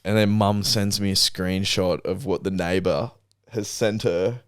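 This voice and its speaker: A man's voice: sits low, steady tone, a little slow, clean tone, no echo, clean studio sound. A young Australian man telling stories in a laid-back, swearing way as a podcast co-host. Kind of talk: casual chat.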